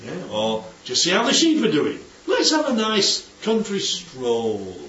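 A man's voice: high-pitched, huge pitch swings, a little slow, a bit bright. A man giving an informal Bible teaching to a group, often asking the listeners questions and checking they follow. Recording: distant, dull, roomy recording with faint noise.

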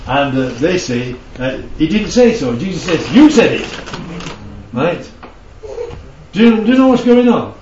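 Male preacher, conversational Bible teacher, fairly high voice, distant echoey hall recording, faint room hum. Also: big pitch swings, moderate pace, a little mellow. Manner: conversational, checks in with the audience often. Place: church hall. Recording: dull, echoey hall from far off.

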